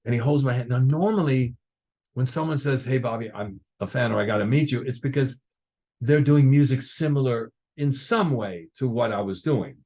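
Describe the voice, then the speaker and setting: An older man, a guest drummer, tells stories in a casual interview at normal speed and medium pitch. He's animated and acts out other people's lines as he goes.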